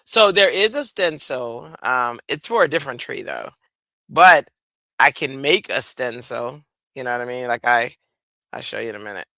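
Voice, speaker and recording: Bright, chatty woman telling stories. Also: rumbling low, normal speed, no room sound, poor audio. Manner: chatty, animated storytelling with playful voiced asides. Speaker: livestream craft host. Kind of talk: casual chat.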